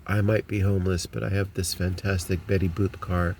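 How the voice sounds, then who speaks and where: A man's voice: deep voice, flat delivery, fairly quick, a little mellow, a little hiss or hum. An American man talks casually to his viewers, rambling with many ums and restarts, recorded on a phone inside a parked car. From United States. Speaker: vlogger.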